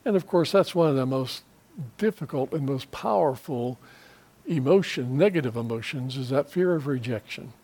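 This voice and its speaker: A man's voice: medium pitch, darkish tone, breathy edge. A middle-aged male pastor preaching a sermon in an earnest, conversational way, breaking into short prayers.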